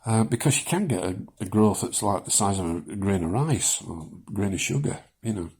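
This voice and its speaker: A man in his seventies talking casually in a personal vlog, rambling with many pauses and chuckling at his own jokes, shaky as he speaks. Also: lowish voice, animated, a little mellow, slightly rough. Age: 70s. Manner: rambling, self-deprecating, chuckles often, many ums. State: shaking. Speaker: vlogger sharing his cancer experience.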